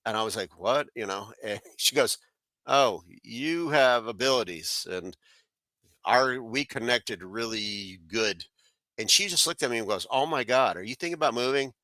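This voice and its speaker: A man's voice: mid-range voice, lively intonation, moderate pace, pushed and bright, no room sound. A middle-aged man from South Florida, a guest telling a rambling personal story full of fillers and restarts. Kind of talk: casual storytelling.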